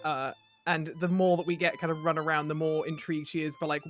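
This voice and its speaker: A woman's voice: low-pitched, flat delivery, fast talker. A woman chatting animatedly as a tabletop player. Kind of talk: casual tabletop play. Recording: faint music behind.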